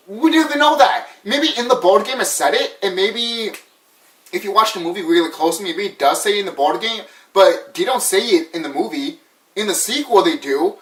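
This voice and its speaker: A young man rambles through a movie review in a casual, profane way, tripping over his own sentences. His voice sits a little high for a man. He sounds set back from the mic in a roomy, echoing space. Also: a bit bright, recorded from a distance. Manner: rambling, profane, full of fillers and restarts.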